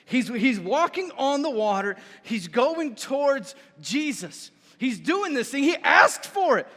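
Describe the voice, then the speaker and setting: High-voiced pastor in an echoing hall. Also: male voice, measured pace. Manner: lively storytelling, repeats words, asks "right?". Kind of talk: sermon. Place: church sanctuary. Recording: reverberant church hall.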